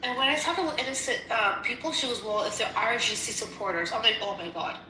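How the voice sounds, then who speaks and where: A woman's voice: on the high side, fast, sharp tone, a little hiss or hum. A woman telling a story in casual chat, heated and profane. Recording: echoey room.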